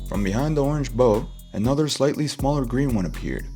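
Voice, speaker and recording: A man's voice: medium pitch, animated, brisk, few pauses, dark tone, faint music behind. A man narrating an audiobook in a casual, slangy reading style. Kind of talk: storybook narration.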